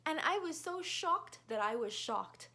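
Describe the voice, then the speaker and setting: A young woman in her twenties with a Bahamian accent, telling stories quickly and animatedly in a casual vlog. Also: high voice. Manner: fast-talking, animated storyteller.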